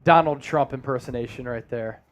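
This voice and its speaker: A man's voice: medium pitch, normal speed, lo-fi sound. A man hosting a casual sports livestream, joking around and reading viewer comments aloud. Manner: loose, joking, reads chat aloud. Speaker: sports show host.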